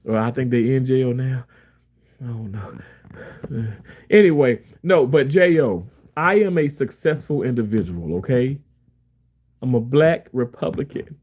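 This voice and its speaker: A man's voice: mid-range voice, animated, measured pace, phone-quality sound. A man chatting casually on a live stream, reading viewer comments aloud and rambling with frequent laughter. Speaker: livestreamer reading chat.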